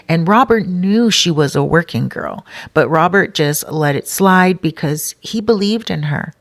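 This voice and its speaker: Woman, soul coach, low voice, dry close sound; chatty storyteller who quotes people. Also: expressive, a little slow, no echo. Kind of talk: casual storytelling.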